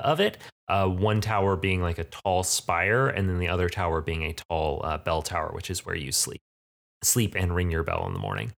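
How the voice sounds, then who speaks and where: A man's voice: low voice, fairly bright tone. A man narrating as game master of a tabletop game, hesitant and full of fillers as he describes the scene.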